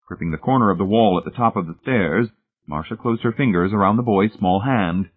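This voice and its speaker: A man reading a suspenseful story aloud in a measured, scripted narration, heard over a tinny, phone-like recording. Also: lowish voice, slightly rough. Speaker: audiobook narrator.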